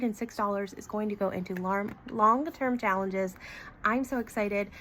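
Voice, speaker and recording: A woman hosting a casual budgeting vlog, talking in a chatty, animated way with many ums and quick laughs. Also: mid-range voice. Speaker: budgeting channel host. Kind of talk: casual cash-stuffing vlog.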